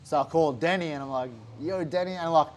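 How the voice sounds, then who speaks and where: A man with an Australian accent telling a story in a casual interview, animated and swearing often. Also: on the high side, fairly quick, a little hiss or hum. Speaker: interview guest, fighter.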